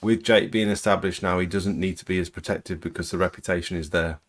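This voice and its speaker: A man's voice: low voice, steady tone, quick pace. A man hosting a livestream, chatting casually about his pressure washing business in a laid-back, plain-spoken way. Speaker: pressure washing business owner and stream host.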